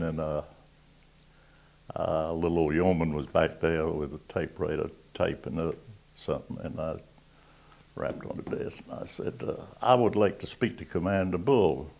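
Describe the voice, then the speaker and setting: A man's voice: sits low, creaky, darkish tone. A man around ninety from South Carolina with a Southern accent, telling old navy stories in a folksy, rambling way. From Georgetown, South Carolina. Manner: folksy, rambling, chuckling between tales. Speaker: WWII navy veteran interviewee. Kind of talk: oral history storytelling.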